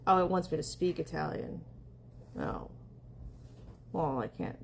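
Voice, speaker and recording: Chatty woman streamer with a gravelly edge. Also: deep voice, very animated, unhurried, slight background noise. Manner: chatty, laughing, testing an app aloud. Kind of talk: casual live-stream chat.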